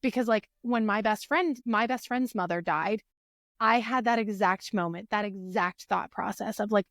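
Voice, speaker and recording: A woman's voice: mid-range voice, moderate pace, no room sound, studio quality. A woman co-hosting a casual podcast chat, telling stories with feeling and acting out the lines she quotes. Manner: animated storyteller, acts out quotes. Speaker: podcast co-host.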